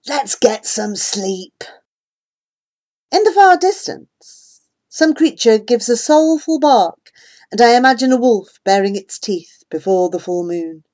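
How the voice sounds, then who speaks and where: A woman giving gentle, measured first-person narration of a storybook. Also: fairly high pitch, lively intonation. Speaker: audiobook narrator.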